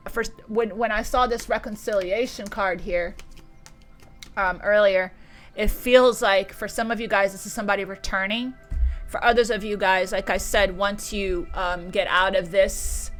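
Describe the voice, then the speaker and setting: Gushing woman tarot reader, bright tone. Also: mid-range voice. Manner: gushing, emotional, repeats words. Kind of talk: channeled tarot reading.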